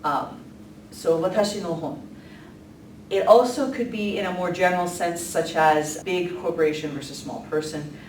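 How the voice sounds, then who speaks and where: A woman's voice: lowish voice, normal speed, darkish tone. A woman giving a casual, chatty lesson, with many ums and light laughs. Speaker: language teacher. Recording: echoey room from a distance, faint noise.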